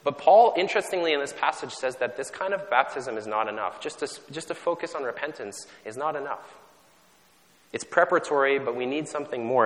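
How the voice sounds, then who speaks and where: A man's voice: medium pitch, a bit bright. A man from Canada preaching a sermon in a conversational, self-deprecating way, often restarting his sentences. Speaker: pastor. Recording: long hall reverb.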